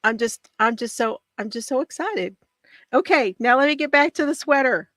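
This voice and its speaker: An excitable woman chats through a knitting tutorial, bubbly and quick to laugh. Her voice sits on the higher side. The sound is dry and close, with no room echo. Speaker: knitting video host. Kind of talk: casual crafting chat.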